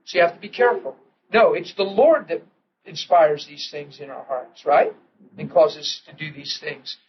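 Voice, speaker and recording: A middle-aged male preacher telling a personal story in a sermon, acting out what people said and dropping to a hush at tense moments. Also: a little high, normal speed. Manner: storytelling, acts out quotes with sudden hushed drops. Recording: dull lo-fi old recording with faint hiss.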